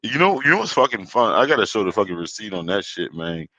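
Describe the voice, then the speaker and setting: Caribbean-born male podcast host, low forceful voice, angry swearing rant, dull dry lo-fi sound. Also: sing-song, quick pace, no room sound. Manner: heated, swearing, rambling with repeats. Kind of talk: profane solo rant.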